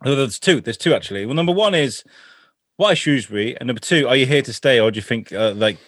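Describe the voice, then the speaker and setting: A man's voice: medium pitch, lively intonation, fast, fairly bright tone, dry recording. Guy hosting a podcast, jokey, stumbles a bit, dead dry mic. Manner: joking, hesitant restarts. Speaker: podcast host. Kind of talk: casual interview chat.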